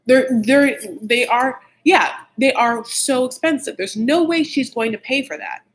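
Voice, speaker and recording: Catty and blunt, this man recaps a TV show in a casual, gossipy way, peppering everything with "like" and shifting pitch frequently when he gets heated. His fairly bright voice moves a little slowly, and the recording is low quality.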